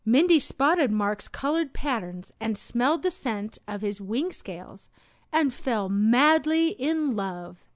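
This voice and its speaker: A woman narrating a children's read-along storybook in an expressive, sing-song storytelling manner. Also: a little high, takes it slowly.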